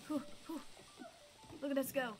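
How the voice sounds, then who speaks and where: With a high voice, a steady tone and normal speed, this young gaming host gives playful commentary over game music. She's bubbly, often exclaiming and squealing as she plays.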